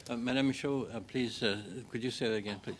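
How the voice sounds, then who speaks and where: A man chairing a parliamentary committee meeting, brisk and procedural, with frequent filler sounds. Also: medium pitch, fairly even intonation, a little hiss or hum. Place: committee room.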